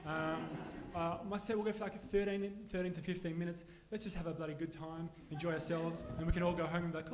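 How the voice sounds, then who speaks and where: A man's voice: high-pitched, a little fast, a bit bright. A man doing stand-up, chatting with the audience in a laid-back, friendly way. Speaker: stand-up comedian. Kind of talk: stand-up crowd work. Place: comedy venue with small audience. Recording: echoey live venue with clear noise.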